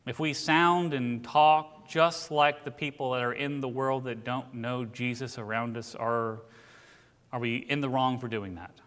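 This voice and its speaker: A man speaks a little slowly in a steady, medium-pitched voice that's a bit bright. He teaches a casual church Bible class, telling stories conversationally with asides. The sound carries the long reverb of a church hall.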